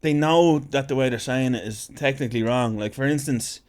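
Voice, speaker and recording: A man's voice: medium pitch, moderate pace, darkish tone. An Irish man hosting a podcast, laid-back, mostly chipping in with short replies. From Ireland. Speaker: podcast host. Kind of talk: casual podcast chat.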